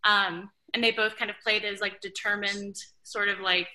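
Bright-voiced chatty young woman. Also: mid-range voice, normal speed, poor audio. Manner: chatty, animated, frequent "like" and "um". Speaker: author guest. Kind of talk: casual podcast chat.

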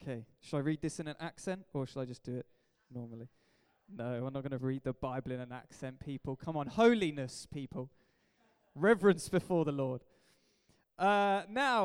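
Pastor guy, high smooth voice, punchy jokey preaching, echoey church hall. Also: normal speed. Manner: energetic, jokey, emphatic preaching. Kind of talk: sermon.

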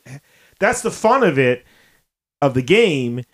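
A woman's voice: deep voice, sing-song, takes it slowly. A woman co-hosting a podcast in casual chat, with dry, wry interjections. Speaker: podcast co-host.

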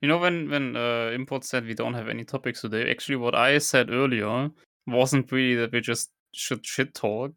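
A man's voice: mid-range voice, normal speed, sharp tone, no room sound, studio quality. A man co-hosting a podcast, friendly and thoughtful in casual chat. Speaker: podcast co-host.

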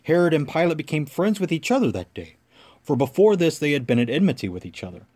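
A man reading scripture aloud as lector, in a measured, clear narrating voice. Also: fairly high pitch, very animated, a little mellow.

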